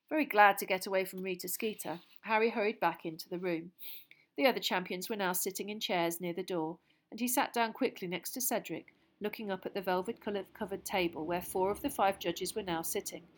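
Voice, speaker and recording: A woman narrating a storybook in steady audiobook style. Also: mid-range voice, fairly quick.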